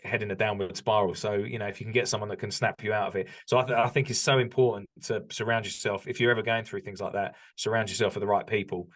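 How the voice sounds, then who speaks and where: British male interview guest, lower register, candid and reflective, casual chat. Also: fairly even intonation, quick pace, few pauses, fairly bright tone. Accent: British English. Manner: reflective, candid, frequent restarts and ums. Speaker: podcast guest, business owner.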